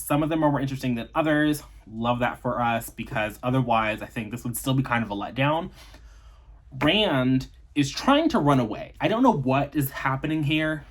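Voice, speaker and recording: A man vlogging casually about a book he is reading, with sarcastic, chatty remarks and loose fillers. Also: medium pitch. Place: in a vehicle on the way to work.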